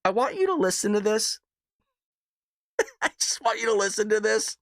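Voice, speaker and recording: A man's voice: sits high, sing-song, moderate pace, pauses often, no room sound, studio quality. A man hosting a casual political commentary show, talking in a mocking, sarcastic way and calling his listeners folks.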